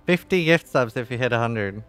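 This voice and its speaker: Relaxed, upbeat male stream host. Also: medium pitch, fairly quick, clear, resonant tone, faint music behind. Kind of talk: reading viewer questions on a stream.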